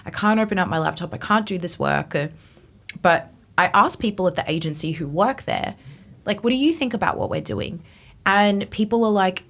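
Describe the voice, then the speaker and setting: A woman in her twenties, a podcast guest, telling her personal testimony in an animated way, acting out her past thoughts. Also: mid-range voice, moderate pace, gravelly. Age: 20s.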